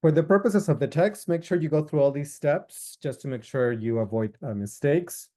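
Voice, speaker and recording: A man teaching a recorded lesson, explaining verb forms slowly with frequent fillers and listing each form one by one. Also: on the high side, mellow. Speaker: Italian instructor. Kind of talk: recorded lecture.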